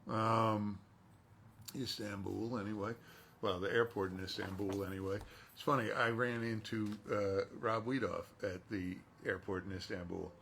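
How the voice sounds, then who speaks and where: Gravelly man chatting while signing. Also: lowish voice, steady tone, moderate pace, a bit bright, slight background noise. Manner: chatty, talks to himself while working. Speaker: voice actor signing autographs. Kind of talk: casual chat while signing.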